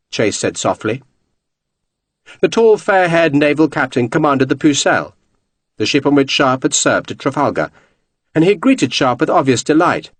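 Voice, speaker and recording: A man reading a historical novel aloud as audiobook narration, measured and expressive. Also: medium pitch, no room sound.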